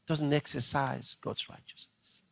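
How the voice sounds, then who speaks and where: A man preaching a dramatic, animated sermon. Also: medium pitch, measured pace, creaky, no room sound.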